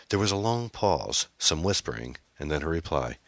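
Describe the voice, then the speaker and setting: A man narrating an audiobook in a measured, expressive storytelling manner. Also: extremely low pitch, no echo.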